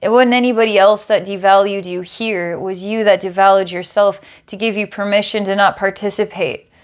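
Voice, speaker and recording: A woman giving a psychic energy healing reading, describing impressions slowly and searchingly. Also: medium pitch. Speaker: psychic healer.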